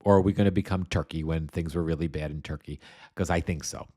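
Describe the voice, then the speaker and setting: A man's voice: rumbling low, steady tone, quick pace, dark tone. A man from the United States hosting a political commentary livestream, rambling and blunt, with lots of swearing. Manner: rambling, blunt and heavily profane. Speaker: host.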